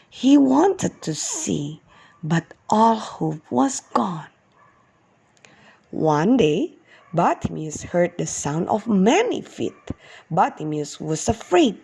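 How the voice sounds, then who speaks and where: A woman kindergarten teacher telling a Bible story to young children in an expressive, slow storytelling way. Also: mid-range voice, gravelly, breathy edge.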